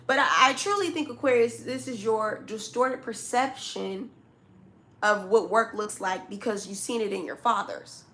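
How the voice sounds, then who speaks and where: Woman tarot reader, fairly high voice, blunt and scolding, casual slang, hammers points home. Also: unhurried, fairly bright tone. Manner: blunt, scolding, talks straight to the listener. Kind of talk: zodiac tarot reading to camera.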